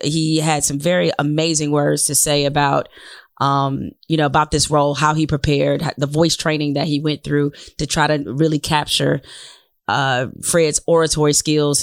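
A woman's voice: deep voice, no echo, studio quality. A woman from Detroit hosting a podcast interview, talking bluntly and emphatically and swearing freely. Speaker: podcast host. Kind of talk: casual conversational interview.

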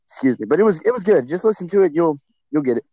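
A man's voice: a little high, lively intonation, racing, a crowd in the background. A man co-hosting a podcast over a remote call from outdoors, chatting casually, laughing often and stammering on restarts. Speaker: podcast co-host. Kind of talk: casual banter. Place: outdoors at night among crickets.

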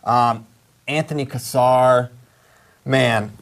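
A man's voice: mid-range voice, steady tone, slow pace. A man hosting a casual sports talk show, opinionated and rambling, with many restarts. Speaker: podcast host.

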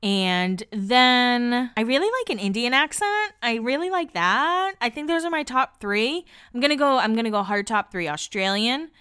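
A woman's voice: a little high, very animated, moderate pace, hardly any pauses, a bit bright, clear, resonant tone. A young woman from Boston hosting a podcast, recapping an episode in a chatty way and acting out the lines of the people in it. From Boston area, United States. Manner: chatty, quotes others in little voices, laughs often. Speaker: podcast host. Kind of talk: casual recap chat.

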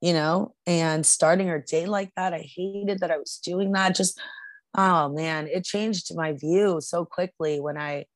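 Middle-aged woman, podcast co-host, deep voice, earnest casual storytelling, dry close sound. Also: steady tone, unhurried, no room sound. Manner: earnest, with frequent restarts and filler.

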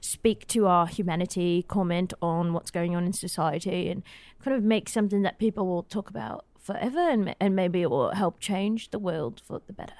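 A woman's voice: on the low side, normal speed, a little mellow, no room sound, close to an everyday voice. A woman putting on a rambling Australian student. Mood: earnest. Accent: put-on Australian, hard to follow. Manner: earnest, rambling, flustered, stumbles over repeated words. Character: bumbling young Australian woman college student, earnest and emotional. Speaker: podcast guest. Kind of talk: improvised comedy character.

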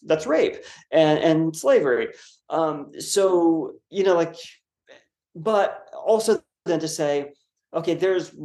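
A man's voice: fairly high pitch, a little mellow. A man who is a guest author and scholar, thoughtfully explaining ideas in an interview, with fillers and self-corrections. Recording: roomy echo.

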